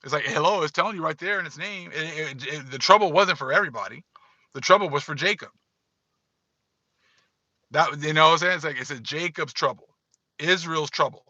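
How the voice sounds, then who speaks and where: A man talking straight to his online viewers in a loose, emphatic commentary, circling back over his points again and again. His voice is sharp and tense, pitched a little high. The sound is dry and a bit dull, as from a lo-fi setup. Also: fairly quick, pauses often, dry recording. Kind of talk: casual livestream commentary.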